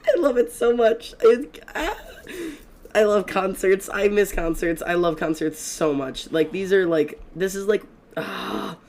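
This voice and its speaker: A young man streaming a game, telling stories in a fast, rambling, excitable way, swearing often. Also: sits high. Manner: excitable and profane, fast rambling storytelling with many fillers. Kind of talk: casual gaming stream chat.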